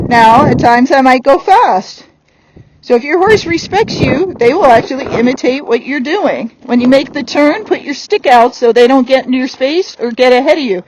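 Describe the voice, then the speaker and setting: A woman's voice: high-pitched, normal speed, a little mellow, a little hiss or hum, low-quality recording. A woman horse trainer giving a hands-on lesson while working a horse on the ground, blunt and firm.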